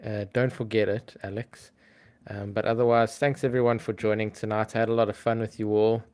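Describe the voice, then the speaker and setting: A man hosting a casual livestream, talking to his chat in a relaxed, chatty way with frequent ums. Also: on the low side, brisk. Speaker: livestream host.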